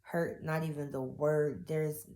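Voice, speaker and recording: Low-voiced young woman telling her story. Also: little pitch movement, takes it slowly, mellow. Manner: raw, heartfelt, with Southern-style casual grammar. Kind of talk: emotional personal testimony.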